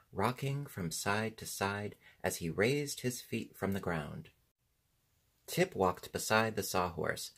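A man reads a storybook chapter aloud in an even, unhurried way. His voice sits low and carries a husky grain. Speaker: audiobook narrator. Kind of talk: storybook narration.

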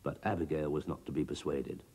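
A man giving a scripted children's storybook narration, expressive and bouncing between character voices. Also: very deep voice, a little fast, vocal fry, breathy edge.

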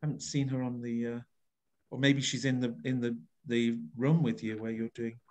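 A man's voice: mid-range voice, little pitch movement, moderate pace, a little mellow, slight background noise. A man leading an online voice workshop over a video call, coaxing the group and acting out each phrase with big, exaggerated expression. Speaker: voice workshop leader.

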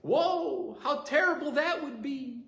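A man's voice: extremely high pitch, slow, creaky, fairly bright tone, voice pushed up, exaggerated voice. A man imitating an elderly grandmother who fusses and warns about bad weather. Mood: worried. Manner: fussing, warning. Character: fretting old grandmother, worrying aloud. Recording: roomy echoing hall.

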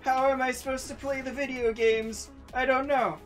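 A woman hosting a let's play, giving excitable, profane commentary full of yelps and battle cries. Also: high voice, moderate pace, soft background music. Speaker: gaming channel host.

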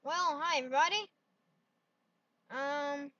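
High, bright, silly vlogger woman. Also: normal speed, pauses often, dry recording. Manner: giggly, silly, exclaiming. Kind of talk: playful solo vlog. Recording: dull lo-fi dry sound.

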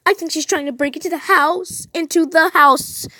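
A woman's voice: extremely high pitch, steady tone, moderate pace, bright, forceful tone, no echo, voice pushed up. A woman reading a text-message horror story aloud, voicing a frightened teenage girl who sounds panicky and asks question after question. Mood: scared.

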